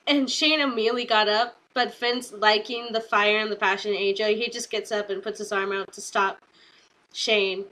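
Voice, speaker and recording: A young woman getting over a cold who chats casually through a recap of a wrestling show, filling her talk with "like" and retelling scenes with excitement. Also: mid-range voice, moderate pace, poor audio.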